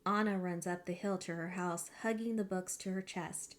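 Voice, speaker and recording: A woman teacher reads a children's picture book aloud, telling the story with expression. She pauses to point listeners to details in the illustrations, in a clear classroom read-aloud manner. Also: fairly low pitch, steady tone.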